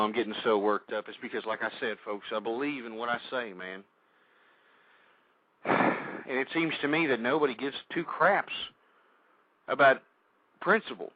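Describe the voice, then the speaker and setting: A man hosting a call-in internet radio show, ranting vulgarly and shouting with passion. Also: medium pitch, moderate pace, pauses often, no room sound, narrow, tinny audio. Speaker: radio talk show host.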